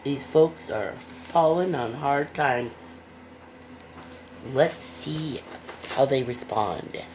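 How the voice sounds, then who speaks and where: A woman's voice: very deep voice, very slow, a little hiss or hum. A woman reading a picture book aloud with playful, chatty asides to young listeners. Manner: playful, expressive.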